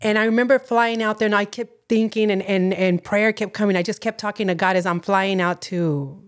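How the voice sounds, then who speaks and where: A woman's voice: mid-range voice, fairly even intonation, a little fast, smooth. A woman with a Californian accent, a podcast co-host telling a personal faith story in an earnest, storytelling way, acting out the dialogue. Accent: Californian English. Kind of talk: personal testimony in casual chat.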